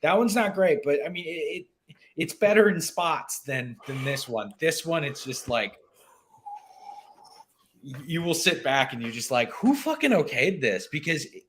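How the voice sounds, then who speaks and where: A man's voice: fairly high pitch, moderate pace, fairly bright tone, a little hiss or hum. A man in a casual chat, talking emphatically and swearing as he makes his point.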